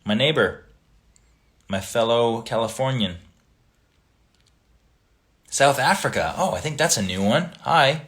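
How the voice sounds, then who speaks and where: A man hosting a casual livestream, reading viewer comments aloud and chatting back in a relaxed, friendly way. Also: medium pitch, unhurried, long pauses. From Italian family background.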